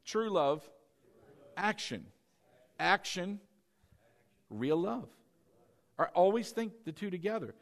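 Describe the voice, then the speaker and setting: A middle-aged male pastor delivering a sermon in a fairly high voice. He preaches in an animated way, firing rhetorical questions at the congregation and slipping into quoted lines.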